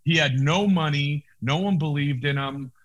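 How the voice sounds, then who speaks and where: A male actor as an interview guest, telling a story in casual talk, animated, with many restarts and acted-out quotes, on a video call. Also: fairly high pitch, normal speed, muffled recording.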